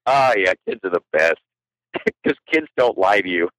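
A playful man from Canada tells anecdotes as a podcast guest, his pitch leaping around as he gets into the story. The recording is close and dry, with no room sound. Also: normal speed, no room sound, rough recording. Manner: animated, playful, frequent laughter. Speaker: guest photographer.

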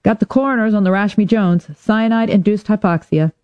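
A woman voicing a brisk, wisecracking female police detective friend, in a dull, dry lo-fi audiobook recording. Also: mid-range voice, a little mellow, clear, resonant tone, dry recording, pitched above the performer's own voice, lightly acted. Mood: teasing. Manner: wisecracking, quick.

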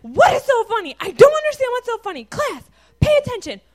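Shrill, flustered teacher scolding a class, played by a woman, high and loud. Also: sing-song, brisk. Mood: exasperated.

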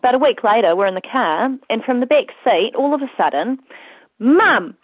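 A woman's voice: a little high, lively intonation, brisk, dry recording. A chatty New woman tells her story as a parent, leaning on "you know" as she goes. She comes through a tinny phone line. The sound is dry, with no room around her. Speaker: parent guest. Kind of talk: casual interview chat.

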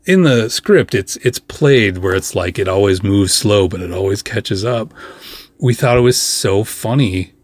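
Husky-voiced man telling a rambling story. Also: lowish voice, lively intonation. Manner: chatty, rambling, with frequent fillers and quick asides. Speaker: podcast host. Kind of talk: casual storytelling monologue.

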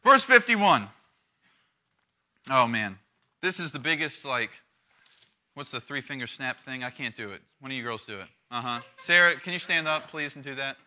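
A youth pastor preaches to a youth group in a lively, conversational style, performing the quotes he reads with big swings in volume. His voice is medium-pitched, at normal speed with long pauses.

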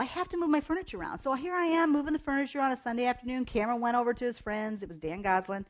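Chatty middle-aged woman giving a devotional. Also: mid-range voice. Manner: chatty, rambling personal storytelling. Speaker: youth devotional speaker. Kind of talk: casual devotional talk.

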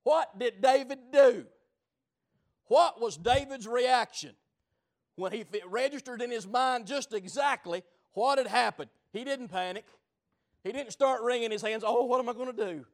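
A man preaching a sermon, telling stories dramatically, swinging between shouting and low murmurs. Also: a little slow.

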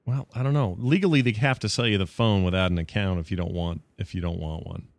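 Joking man with a low, dry voice. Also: no echo. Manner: joking, rambling, quick asides. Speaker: podcast host. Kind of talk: casual chat.

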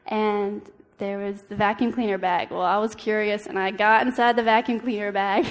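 A young woman giving an earnest personal testimony as a church devotional, halting often with ums and restarts. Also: medium pitch, fairly even intonation. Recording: long reverb of a hall.

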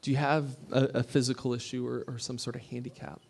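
A pastor giving a sermon. He talks in a conversational way, asks his listeners questions and drops to a hush for emphasis. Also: medium pitch, level tone, fast talker, vocal fry, slightly rough.

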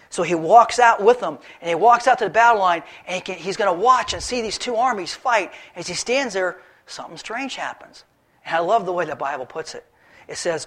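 A man preaching a sermon, retelling a Bible story in a lively, animated storytelling way. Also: high-pitched, brisk. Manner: animated storytelling, acts out characters. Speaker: pastor.

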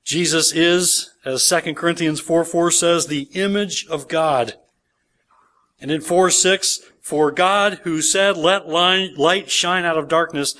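Man, pastor, church sermon, somewhat high voice, emphatic scripture reading. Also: fairly bright tone. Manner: expository preaching, reading scripture aloud with emphasis.

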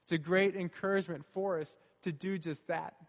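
High-voiced man preaching in a reverberant hall. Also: steady tone, normal speed, gravelly. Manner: earnest and conversational, repeating key phrases. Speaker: pastor. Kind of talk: sermon.

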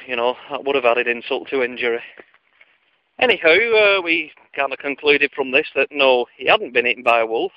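A man's voice: medium pitch, no room sound. A man telling a comic story from his childhood in a wry, digressive, self-mocking way, on a lo-fi recording.

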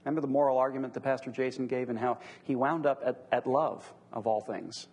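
A man's voice: medium pitch, fairly even intonation, brisk, darkish tone, husky, in a large hall. A middle-aged man leading a church class discussion, teaching earnestly through rhetorical questions.

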